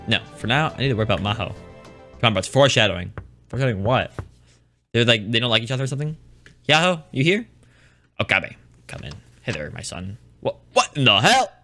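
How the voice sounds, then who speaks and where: A man's voice: mid-range voice, pushed and bright. A man streaming a visual novel, reading its text aloud and breaking off into rambling, joking commentary. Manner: rambling, joking, with many restarts. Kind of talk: casual let's-play commentary and reading aloud.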